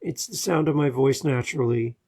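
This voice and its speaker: A man hosting a podcast, giving measured advice with frequent restarts and fillers into a close microphone. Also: medium pitch, a little mellow, breathy edge. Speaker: podcast host.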